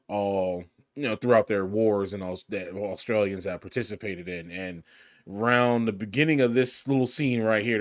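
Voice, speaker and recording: A man giving casual, chatty commentary over news footage, often repeating words as he talks. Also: on the low side. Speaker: video commentator.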